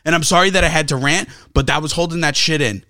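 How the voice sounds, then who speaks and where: A man's voice: on the high side, fast talker, bright, forceful tone, no room sound, studio quality. A man co-hosting a sports talk show, ranting with heavy swearing and sarcasm. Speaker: sports podcast co-host. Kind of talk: heated sports talk rant.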